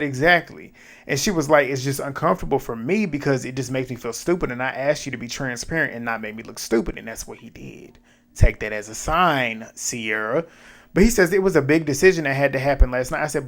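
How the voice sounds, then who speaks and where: A man casually recapping a reality dating show, retelling scenes with lively quoted dialogue and blunt asides. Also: medium pitch, fairly quick, gravelly. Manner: animated retelling with quoted back-and-forth and asides.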